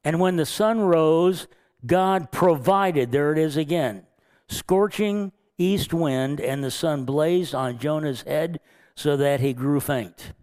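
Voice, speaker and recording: A man's voice: a little high, slow pace, darkish tone. A man preaching as pastor, earnest, chuckling now and then and acting out quoted lines. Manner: earnest, chuckles often, acts out God's lines. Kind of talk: sermon.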